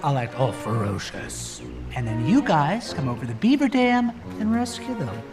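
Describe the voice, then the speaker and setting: A cocky young bear. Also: male voice, fairly high pitch, very animated, moderate pace, far from the mic. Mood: easygoing. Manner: cocky, easygoing. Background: orchestral film music.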